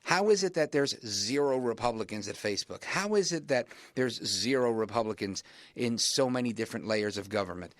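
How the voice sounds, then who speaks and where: A man hosting a talk radio show, delivering an emphatic monologue that keeps rising in pitch to stress his points. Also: expressive, brisk, dry recording.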